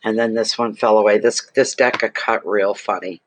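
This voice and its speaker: A man's voice: lowish voice, steady tone, moderate pace, a little hiss or hum. A man giving a casual tarot reading to camera, gushing and exclaiming over the cards he draws. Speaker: tarot reader.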